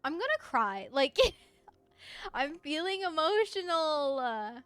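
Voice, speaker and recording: A woman streaming from her room, chatting casually while she plays, gushing and excitable with frequent laughter. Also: high voice, slow pace, no room sound, soft background music. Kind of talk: casual live-stream chat while playing.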